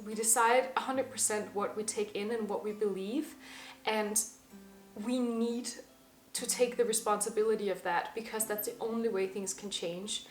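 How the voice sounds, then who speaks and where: Earnest young woman in an echoey room. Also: mid-range voice. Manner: earnest and emphatic, slowing on key words. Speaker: vlogger. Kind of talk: reflective personal monologue. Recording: slightly echoey room with faint music.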